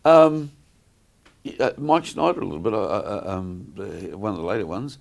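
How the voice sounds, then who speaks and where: Very deep-voiced New man, rambling. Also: animated, normal speed, creaky, darkish tone. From New Zealand. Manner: rambling, many fillers and restarts. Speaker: guest entertainer. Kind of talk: casual interview chat.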